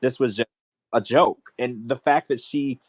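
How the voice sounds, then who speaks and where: A man's voice: mid-range voice, a little slow, breathy edge, no room sound. A man co-hosting a podcast, ranting in casual chat with strong opinions. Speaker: podcast co-host.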